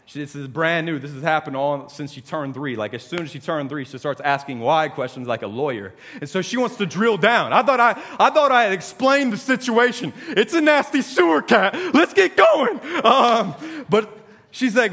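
A man in his thirties telling a stand-up story, overdramatic, swinging from loud outbursts to hushed mock-solemn asides. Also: high-pitched, lively intonation, moderate pace, big-room sound. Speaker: stand-up comedian.

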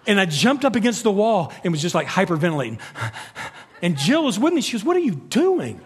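A man's voice: sits high, fast talker, husky. Preaching man in an echoing hall. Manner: animated storytelling, rising to near-shouts. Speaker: pastor. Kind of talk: sermon. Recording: long reverb of a large hall.

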